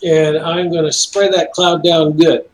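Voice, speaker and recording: A man's voice: fairly high pitch, flat delivery, a little slow, rough recording. A man playing a tabletop game, describing his moves and cracking laid-back jokes. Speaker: player.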